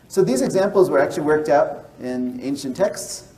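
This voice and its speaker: Male mathematician, patient walk-through delivery, warm dark tone, recorded from a distance. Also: a little high, expressive, measured pace, pauses often. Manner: explains step by step, checks in with "right?". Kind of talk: explanatory lecture and interview.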